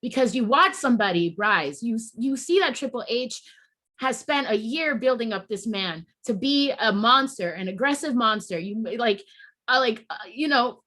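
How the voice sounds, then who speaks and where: A woman hosting a podcast vents in a casual, heated rant, cursing freely and cutting herself off to start her thoughts over. Her voice is a little high, bright and sharp, animated and at a moderate pace.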